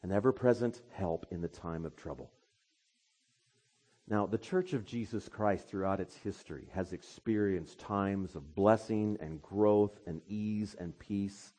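A man's voice: on the low side, unhurried. Man preaching an impassioned sermon. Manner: impassioned preaching, swinging between soft and loud. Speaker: pastor.

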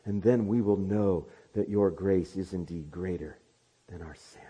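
A male pastor preaching a sermon, moving from quiet asides to loud, fervent proclamation. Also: low-pitched, measured pace, slightly rough.

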